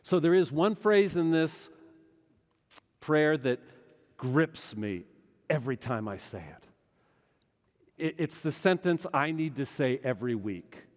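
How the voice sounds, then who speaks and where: A middle-aged male pastor preaching a sermon, swinging between loud urgency and hushed intensity. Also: a little high, animated, slow, long pauses. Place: large church sanctuary. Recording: long church hall reverb.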